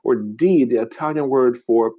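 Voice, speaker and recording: A mukbang host runs a live trivia game on stream, reading quiz questions aloud and bantering with chat in casual, slangy talk. His medium-pitched voice is warm, at normal speed, and the sound is lo-fi.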